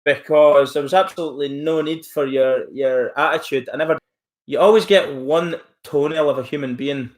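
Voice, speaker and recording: A man's voice: on the high side, fairly even intonation, moderate pace. A man live-streaming from home, rambling casually as he reacts to chat messages and mocks a troll. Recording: roomy echo.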